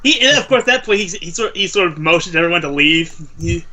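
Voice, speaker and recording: A young man talks through his character's moves in a tabletop game, circling back and repeating himself. His voice sits high and sounds bright and forward. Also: lively intonation, brisk. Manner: rambling, repeats words, slips into his character's voice. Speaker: player. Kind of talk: tabletop role-play chat.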